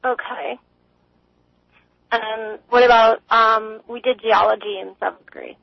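A young woman from Texas calling into a radio show, asking quick, blunt questions. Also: fairly high pitch, fairly even intonation, vocal fry, no echo. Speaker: caller. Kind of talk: casual call-in chat. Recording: dry, dull phone line.

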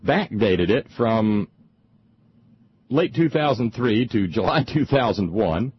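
A middle-aged man hosting a talk show, delivering an indignant, sarcastic political monologue with frequent halting repeats. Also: fairly low pitch, expressive, muffled recording, slight background noise. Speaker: talk radio host.

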